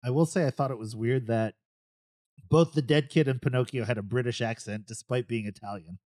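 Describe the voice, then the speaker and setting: A man's voice: medium pitch, fairly even intonation, darkish tone. A man in a casual film chat, reacting with enthusiasm and cursing now and then. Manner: enthusiastic, profane, quick reactions.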